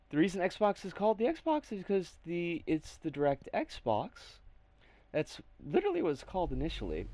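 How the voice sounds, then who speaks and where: A woman's voice: low-pitched, warm tone, breathy edge. Swearing woman streaming a game. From United States. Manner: swears constantly, yelps and curses at the game, then drifts into rambling chat. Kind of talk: casual live game commentary. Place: home streaming setup, living overseas.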